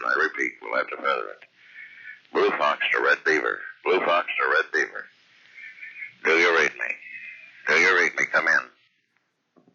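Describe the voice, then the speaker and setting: A man voicing a panicked bomber pilot calling over the radio, with a very deep gravelly voice, on a dull answering machine tape. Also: bright, forceful tone, full character voice.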